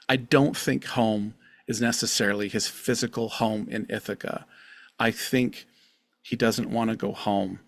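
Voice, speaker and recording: A middle-aged man with a gravelly, fry-edged voice, in a mid-pitched register, thinks aloud on his solo podcast. He sounds earnest and confessional, and he circles back over his own phrases. The recording is dry and close, with no room sound. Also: dry recording. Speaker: podcast host. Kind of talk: reflective solo podcast monologue.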